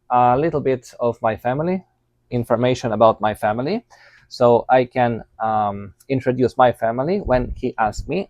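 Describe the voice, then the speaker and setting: A man's voice: mid-range voice, a little mellow, no room sound. A man recapping his language lesson in a casual way, thinking aloud with fillers and correcting his own pronunciation as he goes. He is a learner of Tagalog, not a native speaker.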